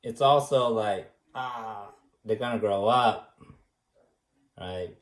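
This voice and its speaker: A man giving a rambling, joking recommendation speech as an art teacher, teasing in a deadpan way and tagging his points with questions. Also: fairly low pitch, takes it slowly. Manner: teasing, deadpan, many fillers and tag questions. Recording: echoey room.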